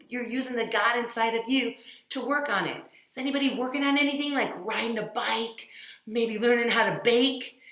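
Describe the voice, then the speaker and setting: A woman giving a children's Sunday school lesson, speaking gently and coaxing the kids with questions. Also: a little high, roomy sound.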